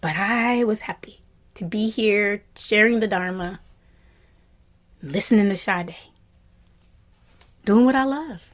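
Woman, meditation teacher, gentle reflective dharma talk, soft near-whispers, mid-pitched voice. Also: takes it slowly, pauses often. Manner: animated when voicing happy quotes.

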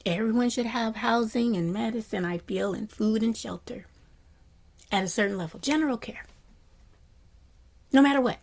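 A woman meditation teacher giving a dharma talk in a gentle, reflective way. She often drops to a soft whisper and has animated bursts of delight. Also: on the high side, moderate pace, pauses often.

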